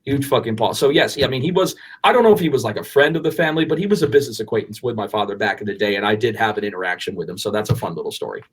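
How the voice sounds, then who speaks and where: Podcast co-host in his forties, lowish voice, animated storyteller who restarts sentences and swears casually. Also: racing, few pauses, breathy edge. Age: 40s.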